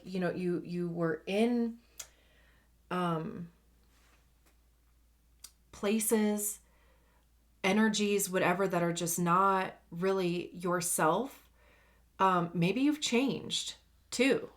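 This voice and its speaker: A woman giving a casual, slangy tarot reading, chatty and laughing often. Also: fairly low pitch. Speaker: tarot reader.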